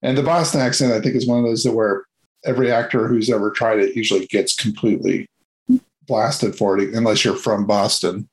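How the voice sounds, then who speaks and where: A man's voice: on the low side, steady tone, brisk, rough recording. A man hosting a casual movie review chat, rambling and hesitant with many fillers and restarts.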